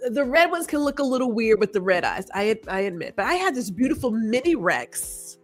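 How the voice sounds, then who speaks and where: A woman hosting a podcast, talking in a chatty, animated way and reading out viewer comments. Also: fairly high pitch, a little fast, soft background music. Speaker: podcast host. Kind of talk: casual interview chat.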